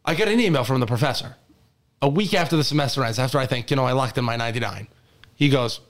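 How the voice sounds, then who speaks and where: A young man co-hosting a sports podcast, telling a story in a lively, laughing way with plenty of false starts. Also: medium pitch, very fast. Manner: animated storytelling with laughs and restarts. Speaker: podcast co-host. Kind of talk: casual sports podcast banter.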